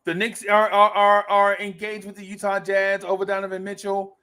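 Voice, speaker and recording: A man with a high-pitched, bright, forceful voice that is clear and resonant speaks in a monotone at normal speed. As host of a casual fan talk stream, he playfully reads out comments, laughs easily, and repeats his phrases often.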